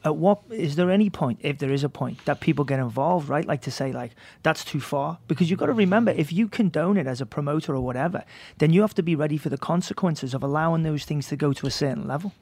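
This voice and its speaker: A man's voice: a little high, lively intonation, fast, hardly any pauses, darkish tone, breathy edge, no room sound. A man, talking earnestly as a guest in a casual chat. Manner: earnest, reasoning it through.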